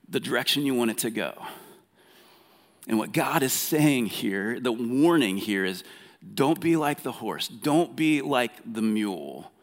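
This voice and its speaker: A man preaching a sermon in an earnest, conversational way, often repeating words as he restarts and softening when he paraphrases God. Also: mid-range voice. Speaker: pastor. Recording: long hall reverb.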